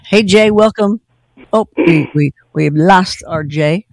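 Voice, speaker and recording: A man hosting a call-in radio show, upbeat and playful, jumping in with quick remarks. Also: high voice, gravelly, no room sound. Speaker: radio host taking calls.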